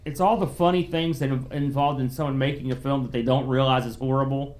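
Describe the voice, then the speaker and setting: A man's voice: mid-range voice, fairly even intonation, fairly quick, darkish tone. A man in casual podcast chat with a middle-range voice, rambling through long explanations. He circles back and restarts his sentences as he goes. He sounds easygoing. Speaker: podcast co-host.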